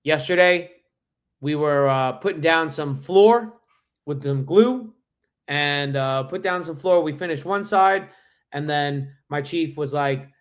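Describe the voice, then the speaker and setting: Man, reaction show host, casual commentary, critical asides, slightly high voice. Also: slow. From Navy veteran.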